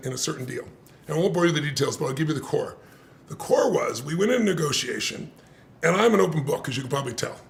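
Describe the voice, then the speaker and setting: An older man, an interview guest, telling a story in lively conversation, acting out the voices of others and laughing as he goes. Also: on the high side, gravelly. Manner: animated, acts out quoted voices, laughs often.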